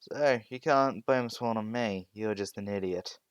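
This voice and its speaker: A smug teenage boy magician taunts his rivals with calm, drawn-out mockery, as a man puts him on while telling a fan story. The voice is low and smooth, recorded close and dry. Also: dry recording, natural voice. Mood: taunting.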